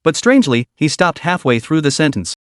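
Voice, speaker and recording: A man narrating a web comic recap in a brisk storytelling manner. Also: on the high side, very animated, clear, resonant tone, dry recording, studio quality.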